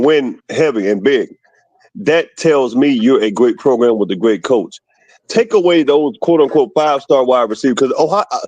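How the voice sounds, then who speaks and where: A man from Alabama calling in to a football show, arguing about recruiting in an animated, opinionated way. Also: fairly high pitch, dry recording, highs cut off. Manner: animated, argumentative about team stats. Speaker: caller. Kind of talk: casual call-in chat.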